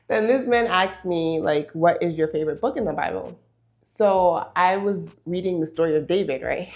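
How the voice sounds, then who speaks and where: A young woman vlogger telling a dating story, animated, laughing and full of fillers. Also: on the low side. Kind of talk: storytelling while getting ready.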